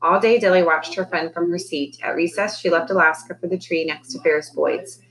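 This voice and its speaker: A woman's voice: fairly low pitch, fairly even intonation, brisk, a bit bright, low-quality recording. A woman teacher reading a children's novel aloud, lifting her voice for the characters' lines. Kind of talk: storybook read-aloud.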